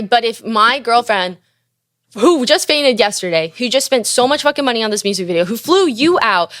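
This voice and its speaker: A young woman with a slightly high voice hosts a podcast and tells a casual, animated story, swearing often and acting out what people said. She's a musician too, and the recording is studio quality with no echo.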